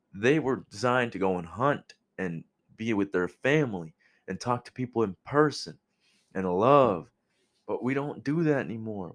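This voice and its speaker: A young man giving a casual motivational monologue, blunt and profane, animated as he talks. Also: fairly low pitch. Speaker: vlogger.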